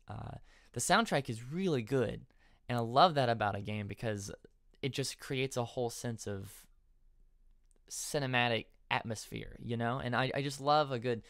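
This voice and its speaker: A man's voice: mid-range voice, vocal fry, a bit bright, no echo, studio quality. A young man hosting a let's play, rambling eagerly with many stammered restarts. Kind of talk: casual gameplay commentary.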